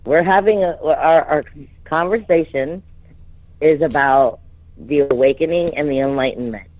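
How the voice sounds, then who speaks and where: A woman hosting a casual chat, talkative, often laughing and adding quick asides. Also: low-pitched, no echo, muffled recording.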